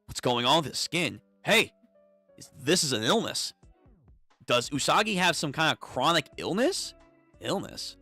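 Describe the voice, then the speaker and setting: A young man hosting a live comic read-through, reading all the parts in an animated, casual voice that swears freely. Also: on the high side, a little slow, no room sound, soft background music. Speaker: streamer reading manga.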